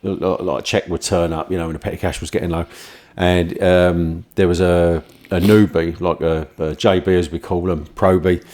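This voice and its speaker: A man, somewhat low-pitched, tells long, rambling stories in a loose podcast chat. He laughs through his own tales and slips into quick voices for the people in them. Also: level tone, darkish tone. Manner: rambling anecdotes, laughs often, acts out voices in quotes. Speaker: podcast host and former firefighter. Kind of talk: casual storytelling chat.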